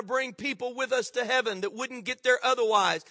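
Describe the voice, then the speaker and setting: Emphatic male pastor, sermon delivery, high bright voice, long hall reverb. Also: normal speed, hardly any pauses. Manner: emphatic, repetitive exhortation.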